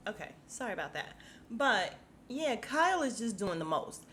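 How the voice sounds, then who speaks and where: A woman's voice: mid-range voice, sing-song, normal speed, loud music behind the voice. A young adult woman hosting a casual podcast, recapping reality TV bluntly, swearing freely and acting out the cast's lines. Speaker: podcast host.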